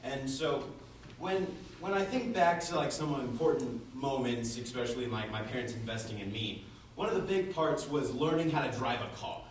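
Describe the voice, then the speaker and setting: A man's voice: mid-range voice, normal speed, very echoey, a little hiss or hum. A young man giving a class presentation, telling a story casually with lots of filler words, recorded from far off in a classroom. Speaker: student presenter. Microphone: far room mic.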